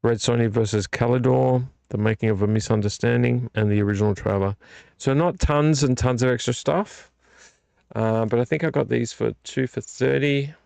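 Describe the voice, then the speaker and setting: A tired, yawning man hosts a casual late-night vlog from a room at home, rambling in a relaxed way about his movie collection and complaining about the covers. His mid-range voice has vocal fry and a moderate pace, with no room sound.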